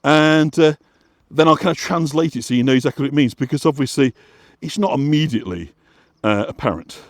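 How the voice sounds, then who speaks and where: A walking guide and vlog host from West Yorkshire, England, chats and explains things casually as he walks an outdoor path, rambling with lots of fillers and restarts. His voice is fairly high and brisk. The recording is studio quality with no room sound.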